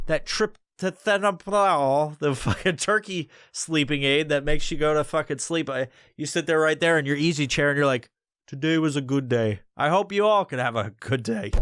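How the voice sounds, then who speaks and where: A man hosts his own podcast alone, talking off the cuff and drifting onto side trails. His speech is packed with profanity, but his voice is smooth and resonant. The sound is dry and close, with no room in it. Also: a little high, fairly bright tone, no room sound. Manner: rambling, heavily profane, off-the-cuff. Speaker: podcast host. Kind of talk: casual solo podcast monologue.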